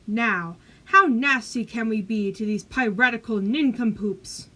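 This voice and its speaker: A woman voicing a fierce, boisterous pirate captain mother who speaks loud and hearty in a storybook reading. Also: fairly high pitch, a little slow. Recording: roomy echo.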